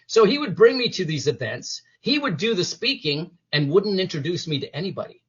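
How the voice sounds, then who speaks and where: A man's voice: high voice, big pitch swings, moderate pace, hardly any pauses, fairly bright tone, husky, muffled recording. A man being interviewed as a guest, giving motivational talk and acting out the inner voices and quotes he describes. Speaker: interview guest, former police detective.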